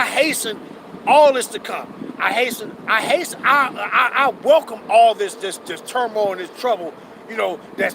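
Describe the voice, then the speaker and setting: Fervent high-voiced man preaching on a street. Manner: fervent, profane, repeats himself, reads verses slowly. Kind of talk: street sermon with scripture reading. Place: outdoors on a city street. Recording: loud street noise behind.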